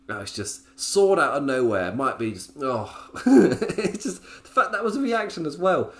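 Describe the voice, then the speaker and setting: A man riffs through a casual show review, breaking into laughter between his points. His pitch swings widely as he talks, lively and animated. He sounds self-amused and loose, like a regular host talking to his listeners. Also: measured pace, hardly any pauses. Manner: chatty, laughs often, self-amused asides. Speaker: wrestling podcast host.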